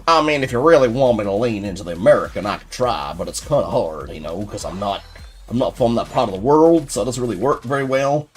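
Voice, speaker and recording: A man's voice: medium pitch, expressive, fast talker, soft background music. Chatty young man streaming a game. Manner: rambling, playful, answers chat. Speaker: gaming streamer. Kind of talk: casual live-stream chat while playing.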